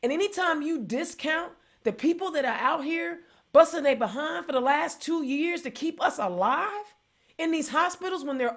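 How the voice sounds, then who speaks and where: A woman from hosts a political talk show, her slightly high voice driving an indignant rant. She hammers her points home by repeating phrases. The delivery stays impassioned and conversational throughout. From Indiana.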